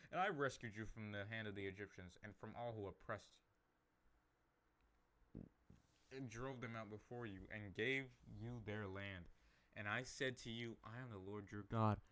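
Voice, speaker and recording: A man reading the words of God in a lower, slower and calmer voice. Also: close to an everyday voice. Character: calm solemn divine voice.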